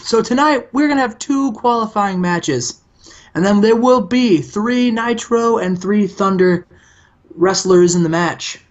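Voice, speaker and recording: A man putting on the voice of a loud, boastful male wrestling manager with a strutting promo delivery. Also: sits high, measured pace, lo-fi sound, pitched above the performer's own voice. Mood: officious.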